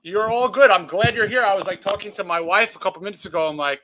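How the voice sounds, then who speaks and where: A man from New York co-hosting a casual sports podcast, excitable and joking at his own expense. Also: sits high, quick pace, a little hiss or hum. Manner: excitable, self-deprecating banter. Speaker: podcast co-host.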